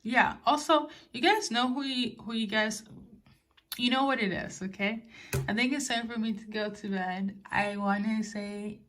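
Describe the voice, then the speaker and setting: A woman giving a casual spiritual card reading to viewers, talking in a soft, musing way with fillers and gentle reassurances. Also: a little high, a little slow. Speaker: tarot card reader. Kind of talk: casual spoken oracle reading.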